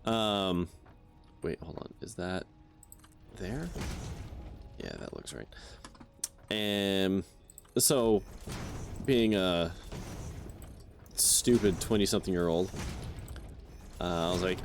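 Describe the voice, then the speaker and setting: Young male streamer, relaxed slow delivery, mutters counts, faint hiss behind. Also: lowish voice. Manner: counts aloud under his breath, swears casually. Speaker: game streamer. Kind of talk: casual chat while playing.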